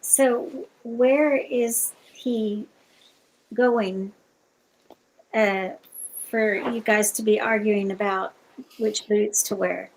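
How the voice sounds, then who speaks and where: A woman's voice: medium pitch, fairly even intonation, extremely slow, pauses often, low-quality recording. A woman joining a casual livestream chat, asking questions and teasing.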